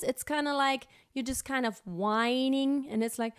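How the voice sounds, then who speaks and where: Slow, high-voiced female singing teacher. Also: fairly even intonation, smooth, no echo, clean studio sound. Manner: explains slowly, breaks into short sung examples. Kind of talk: vocal lesson with sung demonstrations.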